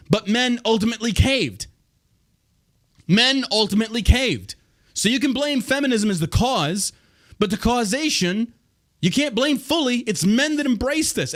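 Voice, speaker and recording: A man's voice: very high-pitched, a bit bright. A man hosting a podcast, ranting in a profane, combative way. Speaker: podcast host. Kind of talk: casual podcast rant.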